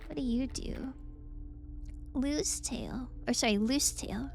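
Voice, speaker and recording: A woman's voice: high-pitched, slow, gravelly. A woman streaming a video game, chatting casually, reading on-screen text aloud and slipping into whispered asides. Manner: excitable, drops into whispered asides. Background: game music.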